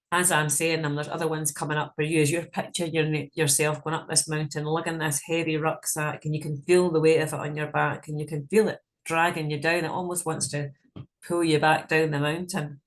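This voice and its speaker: A woman leading a guided visualization in a frank, casual way, swearing freely as she talks. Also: low voice. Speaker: meditation guide.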